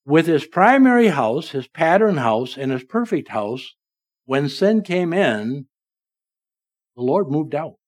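Pastor preaching with sweeping dynamics. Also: male voice, big pitch swings, takes it slowly. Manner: dynamic preaching, swings between loud emphasis and soft low lines. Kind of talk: sermon. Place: church sanctuary.

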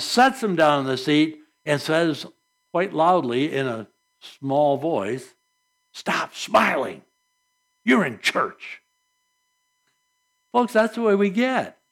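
Earnest preaching man, fairly high voice. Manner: earnest, conversational preaching with rhetorical questions. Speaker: pastor. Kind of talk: sermon.

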